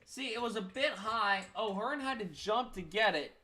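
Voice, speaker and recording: A young man streams live baseball play-by-play in a high, bright voice. He sounds a bit tired and keeps it casual, with self-deprecating remarks tucked between the calls. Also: lively intonation, moderate pace. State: tired, yawning.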